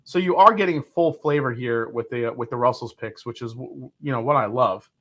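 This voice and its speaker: Man, middle-aged, livestream host, casual chat, enthusiastic, rambling, bright forceful tone. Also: mid-range voice, fairly quick. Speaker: livestream whiskey reviewer.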